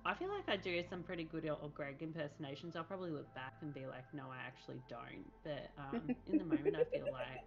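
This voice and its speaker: A woman's voice: low-pitched, sing-song, fast, hardly any pauses. A woman with a New Zealand accent hosting a casual live stream, chatty and giggly as she reads out viewer comments. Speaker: streamer host. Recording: dull lo-fi stream audio with faint music.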